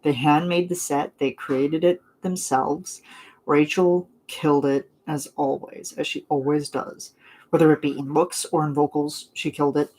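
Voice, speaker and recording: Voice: medium pitch, level tone, measured pace, darkish tone. A non-binary young adult streamer talks casually with viewers in a mid-range voice. They gush, ramble and fill gaps with little laughs and "um"s. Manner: gushing, chatty, rambling with fillers and laughs. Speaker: vlogger chatting with viewers. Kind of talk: casual live chat.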